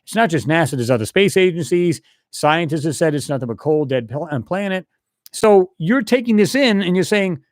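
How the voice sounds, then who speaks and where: Hosting his channel's live stream, a man chats casually and meanders through the viewer comments he reads aloud. His voice sits on the high side, animated and at a normal speed, captured cleanly in a studio without echo.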